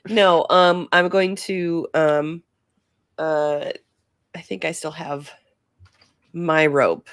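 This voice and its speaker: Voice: mid-range voice, fairly even intonation, drawn-out words, pauses often, fairly bright tone, no room sound. Tabletop player rambling along, lots of likes and ums, dry close sound. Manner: rambling and hesitant, full of fillers like "like" and "um". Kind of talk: playing a tabletop game.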